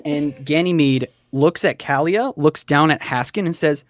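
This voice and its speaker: A man's voice: a little high, a little slow, hardly any pauses, dry recording, clean studio sound. Chatty man narrating as game master. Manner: loose, chatty narration with many fillers.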